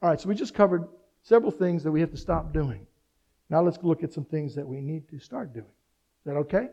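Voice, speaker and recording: Middle-aged male pastor with a high voice, preaching with energy and humor. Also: fairly quick, gravelly, breathy edge, highs cut off. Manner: animated preaching with rhetorical questions and humor. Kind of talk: sermon.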